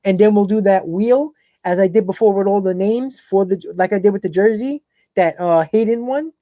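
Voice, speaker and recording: Male live-stream host, mellow tone, opinionated and blunt, casual chat delivery. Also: high-pitched, moderate pace, dry recording. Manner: blunt, opinionated, answers chat viewers by name.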